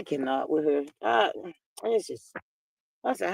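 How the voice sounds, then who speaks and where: A woman hosting a chatty livestream, spinning gossip with folksy exclamations. Her pitch swings widely, rising and dropping as she talks. The sound is close and dry, with no room in it. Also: normal speed, vocal fry, long pauses, slightly rough, dry recording. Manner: animated, folksy storytelling, reading chat aloud. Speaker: livestream host.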